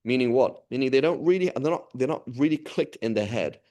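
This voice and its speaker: Mellow-voiced man giving a casual religious talk. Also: medium pitch, lively intonation, brisk. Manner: conversational, often checks in with "right?"; acts out quoted dialogue. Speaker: religious teacher.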